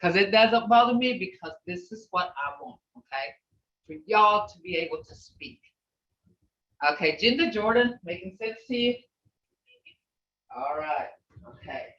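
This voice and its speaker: A patient teacher speaking slowly and brightly, drilling vocabulary with a class over a video call. The voice sits back from the mic, with a roomy echo and dull, lo-fi sound, and the delivery stays encouraging and full of "okay" and "you know". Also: medium pitch, lively intonation. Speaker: language teacher. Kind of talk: online language class. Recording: echoey lo-fi video call audio from far off the mic.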